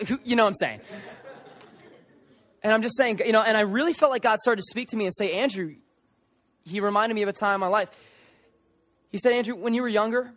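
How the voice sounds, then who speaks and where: A young man preaching a sermon to a gathered audience, earnest and animated, with many restarts as he tells stories. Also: high voice. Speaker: youth pastor. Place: church service room before an audience.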